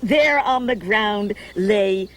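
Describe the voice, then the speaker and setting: A woman's voice: medium pitch, slow. A middle-aged woman hosting a children's show, reading a story and coaching a dance in a coaxing, sing-song way.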